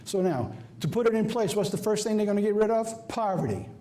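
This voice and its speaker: A man's voice: sits high, lively intonation, brisk, warm tone, slight background noise. A man with a Southern US accent preaching a sermon, emphatic and folksy, firing off rhetorical questions. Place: church office or studio.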